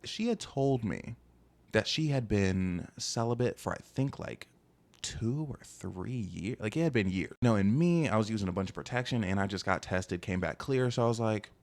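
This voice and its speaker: A man's voice: on the low side, animated, moderate pace, vocal fry, darkish tone. A young man casually telling a dating story in a rambling, slangy way, full of fillers.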